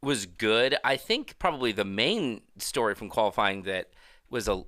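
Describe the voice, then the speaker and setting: A man's voice: lowish voice, moderate pace, dry recording, studio quality. A man co-hosting a casual motorsport podcast, talking in a loose, rambling way with lots of fillers. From Texas. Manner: relaxed, rambling with many fillers. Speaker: co-host, F1 analyst.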